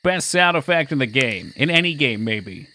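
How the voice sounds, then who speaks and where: A man streaming a game live, chatting casually and excitably, joking and swearing often. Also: mid-range voice, moderate pace, a little hiss or hum.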